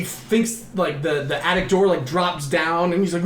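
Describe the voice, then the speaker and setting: A man co-hosting a podcast, recapping a horror film in a casual, animated way, acting out the characters with gasps and shouts and swearing often. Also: sits high, brisk, few pauses, roomy sound, slight background noise. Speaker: podcast co-host.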